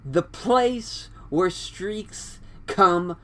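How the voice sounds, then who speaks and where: A man voicing a boastful male wrestler making drawn-out, dramatic proclamations to a crowd. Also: high voice, animated, pitched above the performer's own voice, full character voice.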